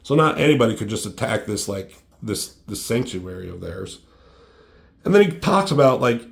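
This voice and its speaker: A man's voice: medium pitch, lively intonation, normal speed, vocal fry. A young man in casual chat, walking through his own comic book, with many fillers like "like" and "um".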